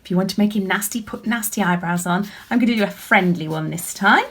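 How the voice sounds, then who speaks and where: A woman, an author and illustrator, chatting warmly and encouragingly to children as she draws along with them. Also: medium pitch, quick pace. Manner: chatty and encouraging, talking while drawing. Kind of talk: draw-along lesson for children.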